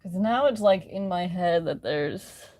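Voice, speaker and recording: A woman's voice: lowish voice, expressive, a little slow, darkish tone. Rambling, giggly woman live streaming. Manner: rambling, self-mocking, often laughing. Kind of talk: casual live stream chat. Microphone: phone.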